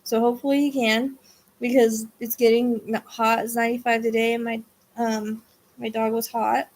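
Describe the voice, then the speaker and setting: A woman hosts a casual livestream from home and sounds tired and drained. Her voice sits a little high, and she rambles, starting sentences over and letting them trail away. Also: flat delivery, moderate pace, darkish tone. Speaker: psychic livestream host. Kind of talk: casual livestream chat with viewers.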